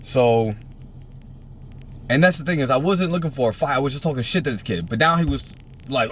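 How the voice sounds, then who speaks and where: A man's voice: mid-range voice, brisk, long pauses, slight background noise. A man in his thirties from Puerto Rico, casually telling a story full of swearing and acting out the people in it. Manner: profane, animated, acts out quotes in a raised voice.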